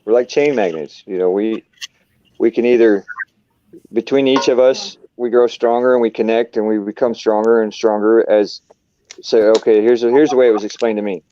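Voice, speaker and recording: A man's voice: fairly low pitch, fairly even intonation, moderate pace, dark tone, slight background noise. A man on a live panel explaining his views earnestly, rambling and restarting his sentences. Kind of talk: casual chat. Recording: dull, dry stream audio.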